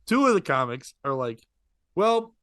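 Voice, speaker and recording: Man, comedian, rambling casual storytelling, bright tense tone, fairly high voice, dry close sound. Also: dry recording. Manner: rambling, animated, quick asides and laughs. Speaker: podcast co-host, comedian.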